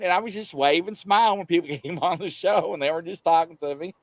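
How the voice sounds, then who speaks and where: A man hosting a live show, telling stories in a rambling, animated way. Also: high-pitched, fast talker, few pauses, no echo. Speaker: livestream show host. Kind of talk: casual live-show chat.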